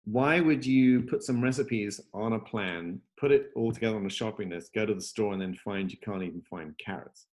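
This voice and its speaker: Hosting a laid-back video-call chat from home, a software company host shows off his app in an upbeat, meandering way, full of fillers and false starts. His voice is fairly low and darkish, at a moderate pace with few pauses.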